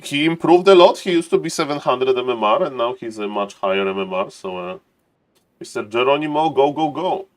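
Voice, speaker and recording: Chatty streamer man greeting viewers. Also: mid-range voice. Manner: chatty, laughs often, greets viewers by name. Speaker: streamer and game caster. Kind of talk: casual livestream chat to viewers.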